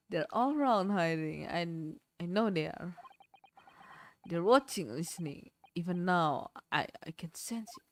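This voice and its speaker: A woman's voice: lowish voice, big pitch swings, unhurried. An Indonesian-accented woman voicing a paranoid young male student prisoner who stammers in fear. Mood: frightened. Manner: jittery, stammering, fearful.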